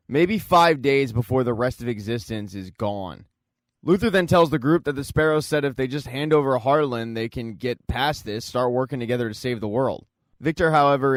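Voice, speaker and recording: A man's voice: fairly high pitch, no room sound, studio quality. A man narrating a scripted recap in a wry, jokey storytelling manner. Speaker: recap channel host.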